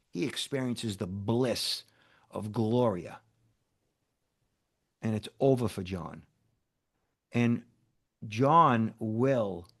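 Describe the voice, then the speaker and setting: A man, a cybersecurity expert guest in an interview, telling a story in an animated way, acting out dialogue and checking in with "okay?" and "right?". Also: mid-range voice.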